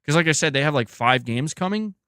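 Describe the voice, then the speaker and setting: A man hosting a gaming news livestream, reading viewer messages in casual, excitable chat and calling people "dude". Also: fairly high pitch, a little fast, clean tone, dry recording, clean studio sound. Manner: excitable and chatty, often says "dude".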